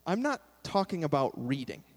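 A man's voice: fairly high pitch, sing-song, moderate pace. A young man preaching a sermon in a casual, self-deprecating way, with sudden emphatic bursts. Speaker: pastor. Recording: long hall reverb.

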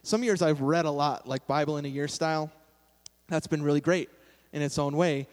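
Here a young man serving as pastor speaks at an ordinary pace in a somewhat high voice. His sermon is casual and self-deprecating, broken by sudden emphatic bursts, all under a long hall reverb.

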